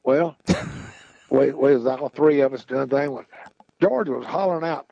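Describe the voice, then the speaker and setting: Speaking a little slowly, this storytelling podcast guest has a medium-pitched, gravelly, dark voice with a breathy, husky edge. The audio is dry yet a little muffled and lo-fi. His folksy tales ramble along in casual conversation, forever returning to "he said."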